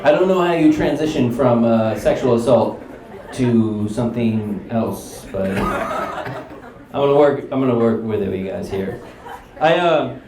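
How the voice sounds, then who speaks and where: A man doing a stand-up comedy set, telling a story in an animated way and laughing through his lines. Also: mid-range voice, a little slow. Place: live comedy stage. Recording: roomy live venue with crowd. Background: audience laughter.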